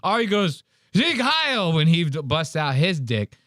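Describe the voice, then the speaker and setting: A man's voice: on the high side, animated, moderate pace, fairly bright tone, dry recording. Male podcast host, rambling crude comic riffs, dry close sound. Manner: rambling, profane, jokey riffing. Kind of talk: crude comedic commentary on clips.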